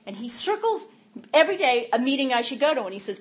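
A middle-aged woman, telling her recovery story in a candid, animated way and laughing often. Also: sits high, fast, a little hiss or hum. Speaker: speaker sharing recovery story. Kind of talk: personal testimony talk. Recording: muffled lo-fi recording.

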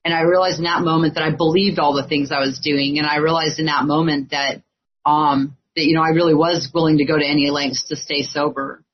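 A woman's voice: deep voice, fairly even intonation, brisk, dull audio, a little hiss or hum. A woman telling her recovery story to a meeting, candid and conversational with frequent fillers and restarts. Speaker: speaker sharing recovery story. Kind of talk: personal testimony to a meeting.

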